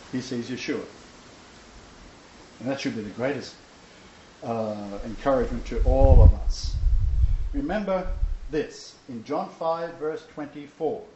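A man's voice: mid-range voice, mellow, reverberant, lo-fi sound, a little hiss or hum. A man teaching a Bible lecture to a small seated audience, emphatic and joking, with chuckling asides. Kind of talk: informal sermon lecture.

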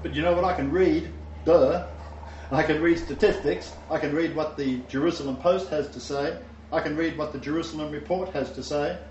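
A man's voice: on the high side, steady tone, normal speed, a little mellow, a little hiss or hum. A man preaching a sermon, reading scripture and speaking with fervent emphasis and scornful asides. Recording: roomy, distant, dull recording with faint ambience.

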